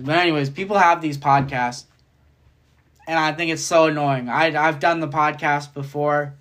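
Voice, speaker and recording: A podcast host delivering a casual solo rant, profane and rambling, jumping between thoughts. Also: mid-range voice.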